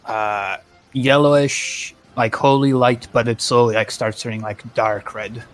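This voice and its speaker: A man's voice: medium pitch, fairly even intonation, measured pace, faint music behind. A man playing a tabletop game, eager and rambling, full of fillers. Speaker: player. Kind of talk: casual tabletop play.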